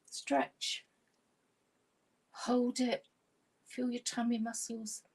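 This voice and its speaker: A woman, a laughter yoga leader gently guiding an online exercise class through stretches and breathing. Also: a little high, level tone, drawn-out words, slightly rough.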